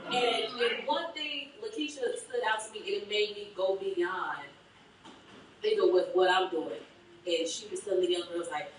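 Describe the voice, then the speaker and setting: A woman's voice: medium pitch, moderate pace, a little hiss or hum. A woman from the West Side of Chicago giving an emotional, laughing thank-you speech at a book reception. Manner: emotional and laughing, quotes herself often. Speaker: guest speaker. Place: event hall at a book reception. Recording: echoey hall, mic from a distance, faint ambience.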